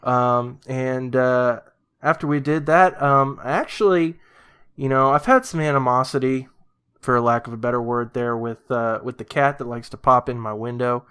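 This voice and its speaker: A man co-hosting a casual comedy podcast, telling absurd stories in a deadpan way, full of ums and uhs. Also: medium pitch, moderate pace, smooth. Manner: deadpan, rambling, many fillers. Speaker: podcast co-host. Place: lives in Brazil.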